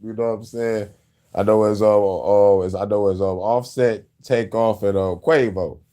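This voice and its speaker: A man's voice: fairly low pitch, steady tone, moderate pace, dark tone. A middle-aged man hosting a loose, profane show, rambling and laughing between riffs. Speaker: host. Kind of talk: casual chat.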